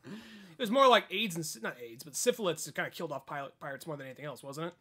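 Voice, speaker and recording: High-voiced young man, halting and joking. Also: expressive, a bit bright, breathy edge. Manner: halting, self-correcting, mumbles asides, cracks crude jokes. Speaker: podcast co-host. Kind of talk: casual chat.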